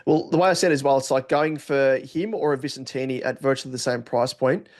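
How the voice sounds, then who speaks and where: A man's voice: mid-range voice, steady tone, fairly quick. A man co-hosting a fantasy football podcast in a playful, jokey way, spinning running gags between his takes on players. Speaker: podcast co-host.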